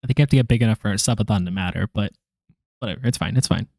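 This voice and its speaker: A man's voice: lowish voice, very fast, vocal fry, a little mellow, no room sound, clean studio sound. A man streaming his language study, chatting casually, joking and rambling, laughing often and trailing off with fillers. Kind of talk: casual live-stream chat.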